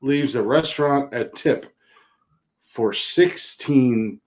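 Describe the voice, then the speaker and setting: A man's voice: mid-range voice, expressive, moderate pace, poor audio. Man, middle-aged, podcast host, wry, laid-back, swears, reads news aloud. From Johnstown area, Pennsylvania. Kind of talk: casual chat.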